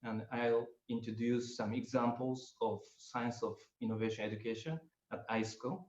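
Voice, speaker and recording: A man's voice: medium pitch, fairly even intonation, darkish tone. Older Japanese-accented man, hesitant lecturer. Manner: hesitant, many pauses and fillers. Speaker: guest lecturer. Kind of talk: webinar presentation. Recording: roomy, slightly muffled audio.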